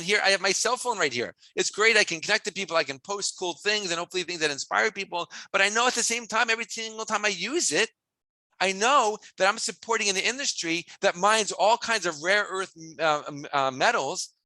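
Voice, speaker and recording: A man teaching as a rabbi, in a lively way, full of rhetorical questions. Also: high voice, no room sound, rough recording. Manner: animated, asks many rhetorical questions.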